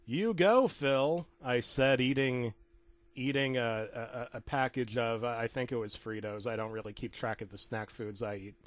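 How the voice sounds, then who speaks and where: A man narrates a comic horror story in a mid-range voice, dropping rambling deadpan asides and tripping into restarts. His sound is close and dry, with no room echo. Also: mid-range voice, moderate pace. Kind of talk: comedic creepypasta narration.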